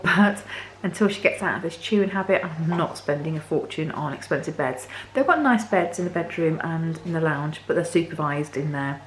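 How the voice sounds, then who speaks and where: A woman vlogging casually to camera in her home kitchen, chatty and a little hoarse. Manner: chatty, talks to her dogs in a high sing-song voice. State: voice a bit hoarse. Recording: echoey kitchen, faint background noise.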